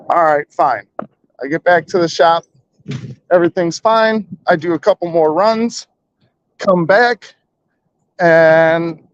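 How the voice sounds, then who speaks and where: A man in his thirties casually telling a long story, rambling and slangy with lots of fillers. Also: on the high side. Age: 30s. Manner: rambling, laid-back, slangy, lots of "like" and "you know". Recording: slightly dull lo-fi audio.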